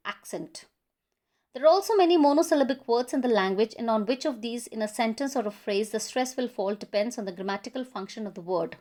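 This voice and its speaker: A woman with an Indian English accent reads her lecture notes slowly and carefully, like a college lecturer working through a textbook for her students. Her voice sits a little high. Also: a little mellow. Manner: slow, measured reading of a textbook passage.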